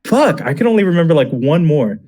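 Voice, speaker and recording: A man's voice: on the high side, very animated, brisk, warm tone. A young man telling a crude improvised comic story on a podcast, rambling and losing his place. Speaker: podcast guest.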